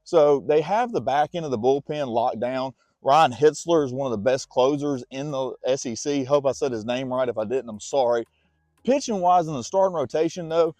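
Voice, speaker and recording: A man talks college sports on a walk outdoors, slightly winded as he goes. His voice is mellow and warm, and he chats easily, now and then speaking to his dog. The recording is dry and close, with no room sound. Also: medium pitch, no echo. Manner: chatty, talks to his dog between points. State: winded from walking. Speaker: sports vlogger. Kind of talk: casual sports chat while walking.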